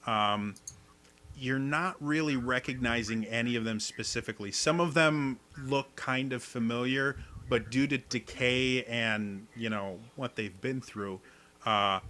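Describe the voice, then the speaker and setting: A male game master narrates a tabletop role-playing session, describing each scene with plenty of fillers. His voice is bright and forward, at an ordinary pitch.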